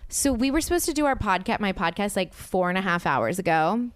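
A young adult woman hosting a casual podcast, telling a story in a lively way and acting out the quotes. Her voice is smooth and clear. It is recorded close and dry. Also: mid-range voice, a little fast, no echo. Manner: animated, acts out quotes, swears freely. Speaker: podcast host.

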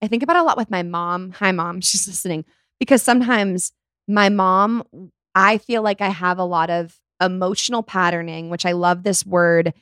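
A woman's voice: fairly low pitch, moderate pace, clear, resonant tone, no room sound, studio quality. A young adult woman hosting a podcast in casual chat, telling stories with lots of acted-out quotes. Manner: animated storyteller who acts out quotes. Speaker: podcast host.

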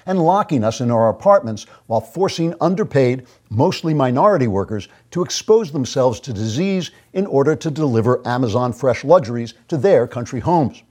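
Man, show host, sarcastic monologue, mock-grandiose sneer, mid-pitched voice. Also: lively intonation, normal speed, hardly any pauses, a little mellow. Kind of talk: sarcastic political commentary monologue.

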